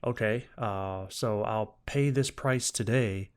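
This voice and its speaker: A man's voice: on the low side, takes it slowly, clear, resonant tone. A young man hosting a podcast, telling a casual story with lots of swearing and acted-out quotes. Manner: profane, animated retelling with acted-out quotes. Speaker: podcast host.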